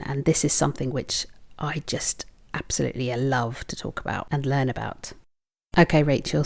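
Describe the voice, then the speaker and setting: A woman working as a lactation consultant, talking on a podcast in a heartfelt, emotional way and sometimes dropping to a soft whisper. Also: rumbling low. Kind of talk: podcast conversation.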